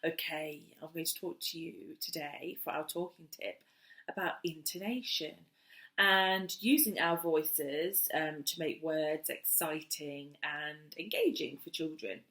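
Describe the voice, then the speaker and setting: A low, steady, slightly slow voice with some brightness belongs to an early years teacher giving parents casual play and speech advice. Fillers like "um" abound, she goes sing-song with children, and the room has an echo.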